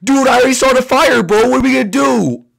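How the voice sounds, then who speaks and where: A man's voice: very high voice, fast, creaky, fairly bright tone, pitched above the performer's own voice, heavily acted. A man voicing a laid-back teen dude in a toy role-play, talking in casual slang.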